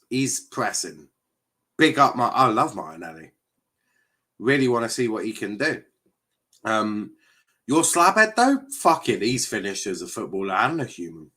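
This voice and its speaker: A man's voice: lowish voice, bright, forceful tone, slightly rough. A man hosting a live football watchalong stream, reacting with exasperation and frequent swearing as he chats to viewers.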